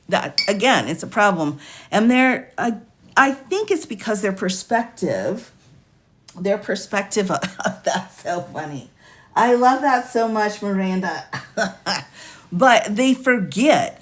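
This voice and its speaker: A woman hosting a casual livestream, talking through a bill with a sassy edge, laughing often and reading legal text aloud. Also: lowish voice. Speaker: livestream host discussing legislation.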